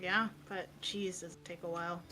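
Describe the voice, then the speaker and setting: A woman's voice: lowish voice, flat delivery, moderate pace, pushed and bright, soft background music. A woman chatting along with a game stream as a friend, giving dry, brief quips.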